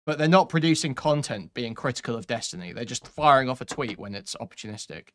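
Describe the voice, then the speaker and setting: A man's voice: mid-range voice, fast talker, a bit bright. A man commenting on clips during a stream, sarcastic and mocking, swearing often.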